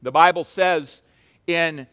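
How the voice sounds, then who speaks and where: A man preaching a sermon as pastor, swinging between hushed and loud emphatic delivery, with frequent restarts. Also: a little high, takes it slowly, clear, resonant tone. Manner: repeats words, many restarts.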